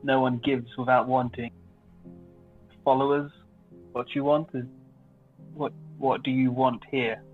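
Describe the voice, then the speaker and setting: A man's voice: medium pitch, level tone, measured pace, long pauses, slightly rough, soft background music. A man playing a tabletop game as a player, talking casually and asking questions. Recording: tinny phone-like line.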